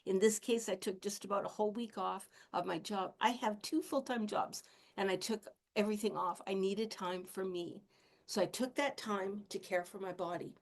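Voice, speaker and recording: Gravelly-voiced woman teaching self-care. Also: mid-range voice, fairly even intonation, normal speed. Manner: candid, self-disclosing, chatty with soft laughs. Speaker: shamanic healer and teacher. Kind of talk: casual spiritual teaching talk.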